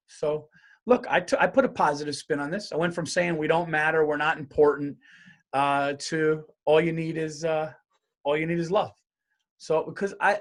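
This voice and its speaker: A male comedian talks alone into his podcast mic, swearing freely and rambling from one rant to the next. His voice sits a little high for a man, and he keeps the tone loose and conversational. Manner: profane, rambling, animated rants. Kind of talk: solo comedic monologue.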